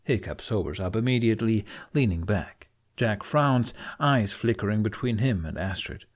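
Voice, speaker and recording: A man narrating a fan fiction audiobook with an expressive reading. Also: fairly low pitch, moderate pace.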